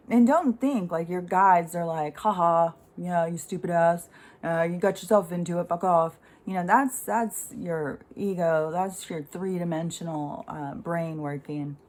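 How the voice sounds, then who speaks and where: A woman's voice: fairly low pitch, darkish tone. A middle-aged woman speaking in a rambling, conversational way, giving a casual spiritual monologue full of fillers and the odd swear word.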